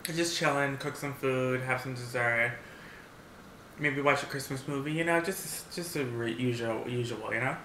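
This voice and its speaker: A man with a bright, forceful voice eats on camera and tells a story in an animated, blunt way, swearing freely. His sound bounces around an echoey room over a faint hiss. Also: mid-range voice, moderate pace. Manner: animated, talks while eating; blunt and profane. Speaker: vlogger. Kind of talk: mukbang story time.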